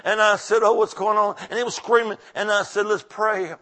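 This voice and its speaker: A male preacher delivering a revival sermon, calling out to the congregation and telling a healing story, shifting between shouted exclamations and hushed narration. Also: high voice, steady tone, moderate pace. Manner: exuberant, call-and-response, drops to soft storytelling.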